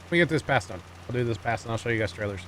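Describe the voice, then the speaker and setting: A man's voice: medium pitch, lively intonation, rapid-fire, a bit bright, slight background noise. A man livestreaming a farming game, chatting casually with his viewers and often apologizing with a laugh. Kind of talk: casual gameplay commentary.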